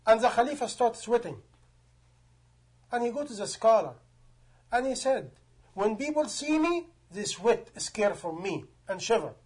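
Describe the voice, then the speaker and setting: High-voiced male preacher, emphatic. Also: breathy edge. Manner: emphatic, rhetorical questions, non-native grammar. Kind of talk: sermon.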